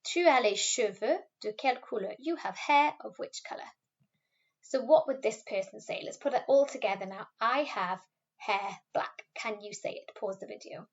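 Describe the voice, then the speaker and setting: A woman's voice: fairly high pitch, a little mellow. Patient woman teaching French, lo-fi. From Wales. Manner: patient, slow modelling of French words for pupils to repeat. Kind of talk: recorded classroom video lesson. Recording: slightly dull, lo-fi recording.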